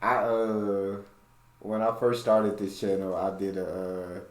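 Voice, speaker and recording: An American man hosts a reaction video in a laid-back, easygoing way and often breaks into laughter. His voice sits on the low side, and the room gives it a noticeable echo. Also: level tone, slow pace, darkish tone. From United States. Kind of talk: casual chat.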